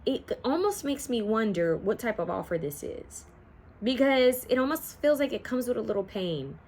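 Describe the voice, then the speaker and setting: A woman's voice: a little high, sing-song, normal speed, darkish tone. A woman giving a casual, rambling pick-a-card tarot reading, now and then singing bits of songs. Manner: chatty, rambling, sings song snippets.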